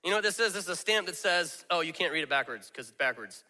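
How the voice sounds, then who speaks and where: Middle-aged guy preaching, kinda high tense voice, jokey and chatty, big reverby hall. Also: expressive, fast talker, pushed and bright. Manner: conversational and self-deprecating, acts out quoted voices. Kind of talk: sermon. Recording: long reverb of a large hall.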